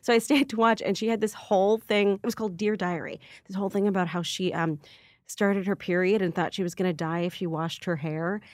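A woman's voice: mid-range voice, fairly even intonation, fairly quick, a little mellow, no room sound, clean studio sound. A woman comedian telling rambling stories in a casual podcast chat, full of filler words. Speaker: stand-up comedian guest.

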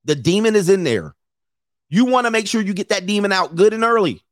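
A man's voice: high-pitched, lively intonation, a little fast, no echo, studio quality. Brash, profane man giving dating advice. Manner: brash, profane, joking delivery with mocking quoted voices. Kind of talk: casual monologue to viewers.

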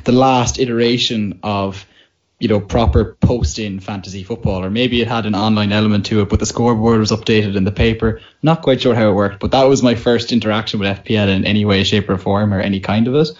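A man in his twenties with an Irish accent talks in a relaxed, chatty way and laughs easily. His voice sits low. The sound is dull and lo-fi, like a remote call. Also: a little fast. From Ireland. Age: 20s. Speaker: podcast guest. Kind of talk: casual chat.

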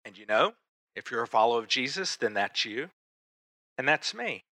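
A man preaching a conversational sermon, asking rhetorical questions and pausing for emphasis. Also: medium pitch, very animated, bright, forceful tone, dry recording. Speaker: pastor.

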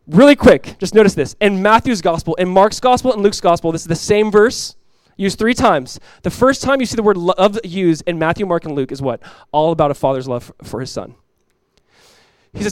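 A male pastor delivers an animated sermon, moving between fast asides and acted-out voices from the story. His voice sits a little high for a man. The sound is dry and close, with little room around it. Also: smooth, no echo. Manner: animated preaching, acts out quoted voices, laughs. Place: church.

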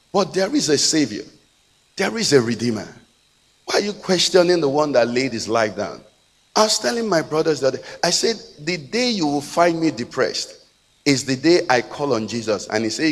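Impassioned Nigerian pastor preaching in a hall. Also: male voice, on the high side, very animated, moderate pace. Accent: Nigerian English. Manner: impassioned preaching, swinging from shouts to hushed prayer. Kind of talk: sermon.

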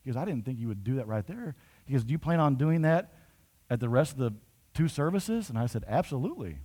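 A man's voice: medium pitch, animated, quick pace, mellow. Man preaching a storytelling sermon. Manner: conversational, building to emphatic. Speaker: pastor.

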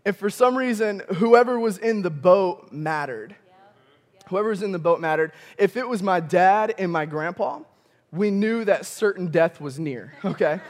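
A young male campus pastor from Michigan, preaching a sermon with animated storytelling, often chuckling and calling out to the congregation. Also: high-pitched, measured pace. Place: church auditorium.

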